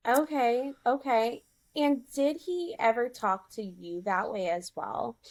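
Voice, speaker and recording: A woman's voice: fairly high pitch, takes it slowly. A woman hosting an interview, asking short, attentive questions. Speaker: host.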